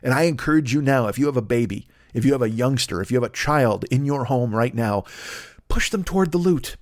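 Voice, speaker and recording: A man's voice: mid-range voice, lively intonation, dry recording, clean studio sound. Middle-aged man riffing profanely. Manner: profane, riffing, slips into quick voices for made-up characters. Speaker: podcast host. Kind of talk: rambling comic monologue.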